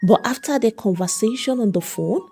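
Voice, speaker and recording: Woman voicing a calm worried father. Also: a little high, a little fast, gravelly, breathy edge, soft background music, exaggerated voice. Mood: concerned.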